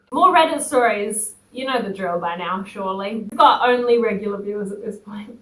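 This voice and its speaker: Animated young woman, roomy distant sound. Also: mid-range voice, moderate pace. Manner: animated, laughs often. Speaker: co-host. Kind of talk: casual chat, reading stories aloud. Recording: echoey room, distant mic.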